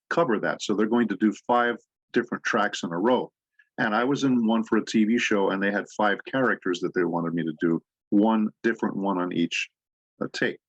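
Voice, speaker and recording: Brief: lower-pitched man, panel guest, jokey anecdotes, dull dry recording. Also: dry recording. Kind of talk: convention panel talk. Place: convention panel room.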